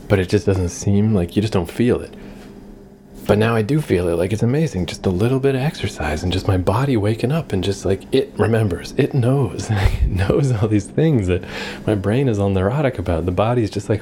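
A man's voice: lowish voice, moderate pace, warm tone, slight background noise. A young man in a casual vlog monologue, rambling and self-reflective, swearing often as he talks through his day.

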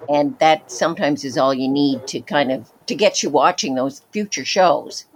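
A Canadian woman co-hosting a podcast in lively casual chat, sometimes imitating how people pronounce words. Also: deep voice, slight background noise, low-quality recording. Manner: lively, conversational, mimics pronunciations. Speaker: podcast co-host.

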